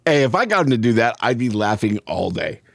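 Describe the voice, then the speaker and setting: A man in his thirties telling a story on a casual podcast. He acts out each person in it with lively energy. His voice sits close and dry to the mic, with no room sound. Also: medium pitch, a little fast, vocal fry, breathy edge, no echo. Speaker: podcast co-host.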